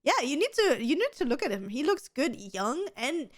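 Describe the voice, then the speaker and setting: A woman's voice: high-pitched, very animated, normal speed, no room sound, clean studio sound. A woman in her thirties co-hosting a podcast, chatting casually in a gushing, giggly way and swearing freely. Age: 30s. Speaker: podcast co-host. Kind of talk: casual chat.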